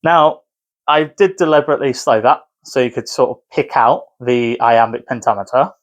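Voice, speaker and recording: A man's voice: medium pitch, normal speed. A man who teaches, talking casually to camera, rambling and correcting himself as he explains. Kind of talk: casual video commentary.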